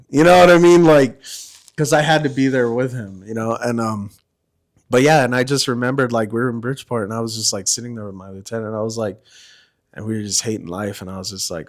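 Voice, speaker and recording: A man's voice: mid-range voice, steady tone, quick pace. A middle-aged man, a former Marine guest on a podcast, telling a war story in casual, profane chat and acting out what people said. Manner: profane, laughing storyteller who acts out quotes.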